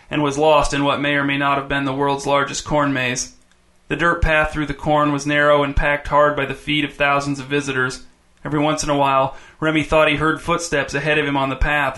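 A man's voice: fairly high pitch, sharp tone. A man reading a story aloud in scripted narration, with a dry, wry delivery.

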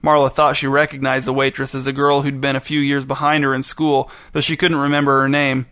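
Deadpan male storyteller. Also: medium pitch, a little fast, no room sound, clean studio sound. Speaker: narrator. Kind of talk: scripted narration.

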